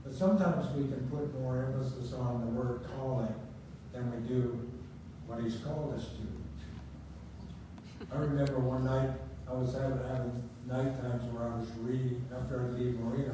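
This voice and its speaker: A man's voice: medium pitch, steady tone, moderate pace. An older man preaching a sermon, telling personal stories in a conversational way and laughing at them. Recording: echoey room, distant mic, faint hum.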